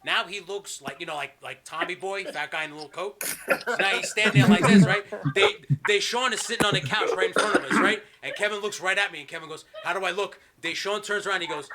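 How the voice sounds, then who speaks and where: A man's voice: high-pitched, noisy background. A man hosting a podcast, casually telling rambling, profane stories over a video call. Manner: fast, rambling storyteller, swears a lot. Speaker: podcast host. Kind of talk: casual chat.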